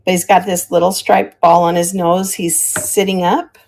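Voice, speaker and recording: Older woman, creaky voice, casual live-sale chatter, friendly and rambling, talks to viewers as she shows each item. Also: lowish voice, flat delivery, moderate pace, darkish tone. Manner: chatty, friendly, describes items while hunting for words. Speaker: live-stream auction seller. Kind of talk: casual live selling chat.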